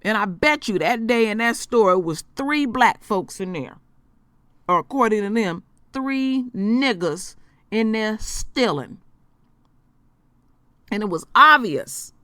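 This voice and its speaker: A woman's voice: mid-range voice, lively intonation, takes it slowly, sharp tone, dry recording. A woman vlogger giving emotional commentary in a blunt, emphatic way, swearing freely.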